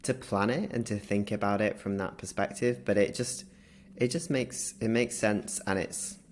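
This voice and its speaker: Man, lower register, chatty guest spinning an anecdote, faint hiss behind. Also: normal speed. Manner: lively anecdotal storytelling, laughs through it. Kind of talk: casual interview chat.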